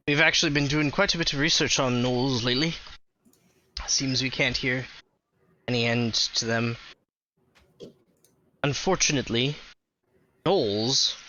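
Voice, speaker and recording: A man voicing a male dwarf librarian who talks in a brisk, matter-of-fact way. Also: medium pitch, pushed and bright, dull audio.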